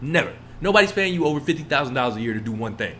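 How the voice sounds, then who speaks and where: A young man co-hosting a podcast, ranting in a heated, profane, casual way and mimicking other people in low mumbled asides. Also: big pitch swings, very fast, pushed and bright, a little hiss or hum. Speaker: podcast co-host.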